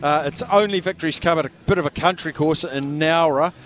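A man hosting a live radio sweep draw from a busy pub, chatty and quick, raising his voice over the room. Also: on the high side, a bit bright, faint music behind.

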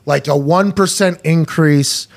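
A young man hosting a podcast, telling stories in animated casual chat, laughing and acting out voices. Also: fairly high pitch, a little slow, vocal fry. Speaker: podcast host.

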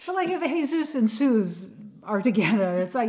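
A woman's voice: a little high, sing-song, normal speed, a little mellow. Dry-talking middle-aged woman comedian. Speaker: podcast guest, comedian. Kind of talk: casual chat.

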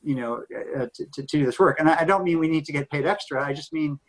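Male guest expert, slightly high voice, measured explainer. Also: low-quality recording. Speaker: guest, public health expert. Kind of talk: conversational interview.

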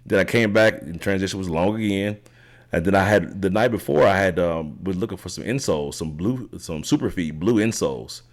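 A middle-aged man as an interview guest, telling a long story in a rambling, animated way and often checking in with "right?". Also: low voice, a little fast. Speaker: podcast guest, triathlete.

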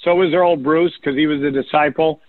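A man's voice: fairly high pitch, steady tone, fairly quick, no echo. An older man in casual radio sports talk, telling stories and quoting coaches. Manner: storytelling, quotes coaches in a raised voice. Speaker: recruiting analyst guest. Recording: tinny phone-line radio audio.

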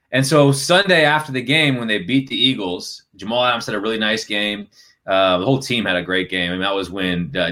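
A male sports reporter telling a story in casual podcast chat, acting out the quotes of others with a lively delivery. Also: on the low side. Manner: animated, acts out quotes in shifting voices.

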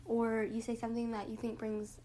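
A young woman hosting a casual reflective monologue, rambling with lots of fillers and a rough morning voice. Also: fairly high pitch, monotone, a little fast, dark tone, a little hiss or hum, poor audio. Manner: rambling, lots of likes and ums. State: morning voice, throat a bit rough.

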